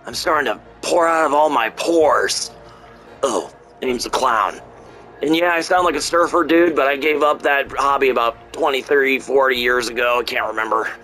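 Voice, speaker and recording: A man's voice: mid-range voice, normal speed, bright, forceful tone, faint music behind, natural voice. Man doing a stoned surfer-dude clown. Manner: laid-back, drawling.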